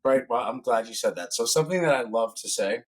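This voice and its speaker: A man's voice: medium pitch, quick pace, husky. A man, a fitness coach, talking casually on a podcast as a guest, telling jokey stories and swearing freely. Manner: animated, swearing, jokey storyteller.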